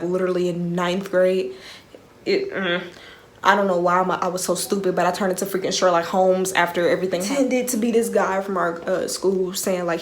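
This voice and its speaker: A woman's voice: on the low side, echoey room, slight background noise. A young woman vlogger in casual storytime mode. She talks in slang and keeps checking that the listener is following.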